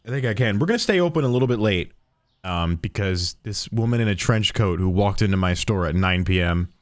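A man's voice: sits low, lively intonation, fairly quick, no echo, clean studio sound. A man streaming a game, chatting playfully with in-game customers as if he were a cheerful cashier. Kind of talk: casual gameplay commentary.

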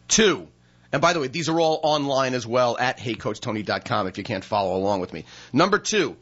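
A man's voice: mid-range voice, fairly bright tone, dull audio. A man hosting a radio talk show from a studio, chatting casually and reading down a list of questions.

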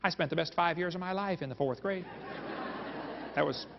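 Before a live audience, a man with a high, creaky voice delivers a folksy creation seminar at normal speed, tossing quips at the crowd. The recording is dull and echoes through the hall, with background noise.

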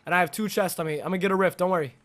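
Young male game streamer, high-pitched, hyped, slangy, greets chat constantly. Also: steady tone, very fast, fairly bright tone. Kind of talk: live gameplay commentary.

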